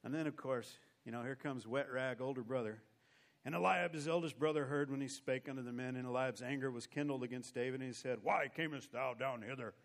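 A man's voice: medium pitch, steady tone, fast. A man preaching a sermon. He reads old scripture aloud, then comments on it with emotion and emphasis.

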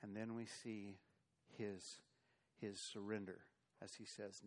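A man pastor preaching a sermon, quoting scripture and swinging between loud emphasis and quiet, low passages. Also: measured pace. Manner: preaching with rising and falling intensity, quoting scripture.

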